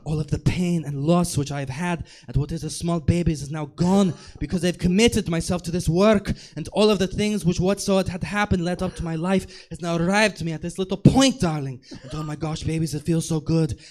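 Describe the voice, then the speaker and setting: A man's voice: a little high, a little fast, few pauses, darkish tone, lightly acted. A comedian playing a gushing, flamboyant male artist with a vague all-over-the-place accent, theatrical and calling everyone darling. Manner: theatrical, gushing, calls listeners darling and babies. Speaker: improv comedian.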